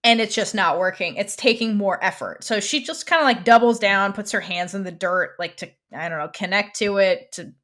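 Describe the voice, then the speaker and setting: A woman co-hosting a podcast, talking through an episode in loose, casual chat. Her voice sits at a middle pitch, and she rambles in an animated way, often breaking off to restart a thought. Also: moderate pace, hardly any pauses. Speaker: podcast co-host.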